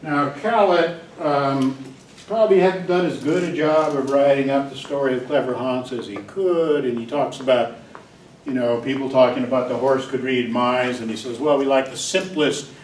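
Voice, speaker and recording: A man's voice: medium pitch, steady tone, moderate pace. A man giving a university psychology lecture, digressive and joking, acting out examples with barks and little voices. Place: lecture hall. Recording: echoey lecture hall from a distance, faint noise.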